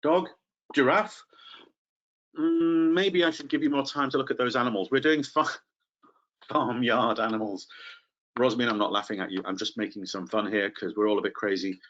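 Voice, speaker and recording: A man's voice: medium pitch, fairly even intonation, moderate pace, a bit bright, highs cut off. A man training teachers in a live online webinar, chatty and playful, calling on participants by name.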